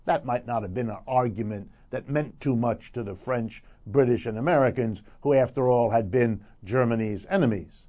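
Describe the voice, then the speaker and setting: A man's voice: mid-range voice, normal speed, mellow, dull audio. A man giving a radio commentary segment, emphatic and lecturing, building his points through repetition. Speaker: economic commentator.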